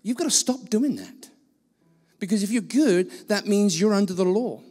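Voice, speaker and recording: Blunt high-voiced man preaching in a hall. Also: lively intonation, normal speed, darkish tone, slightly rough, soft background music. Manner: blunt, self-mocking preaching. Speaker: guest preacher. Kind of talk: sermon. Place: church hall.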